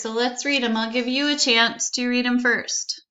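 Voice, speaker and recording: A woman teaching a phonics lesson to young children, slowly sounding out words letter by letter and encouraging them to repeat. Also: fairly high pitch, steady tone, bright, forceful tone, highs cut off.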